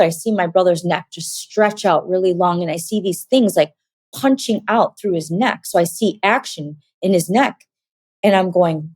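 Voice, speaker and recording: A woman telling a personal story as an interview guest, animated and acting out quoted dialogue. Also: mid-range voice, moderate pace, dry recording.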